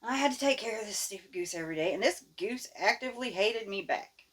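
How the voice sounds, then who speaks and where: A woman telling a childhood story in a folksy, animated, plain-spoken way. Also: mid-range voice, quick pace, husky. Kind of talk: casual storytelling.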